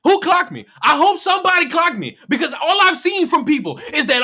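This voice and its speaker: Streamer on a profane rant, bright tone, pitch swinging widely, mocks with rhetorical questions. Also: sing-song, normal speed, hardly any pauses. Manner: mimics people in silly voices. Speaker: livestreamer. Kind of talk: heated livestream commentary rant.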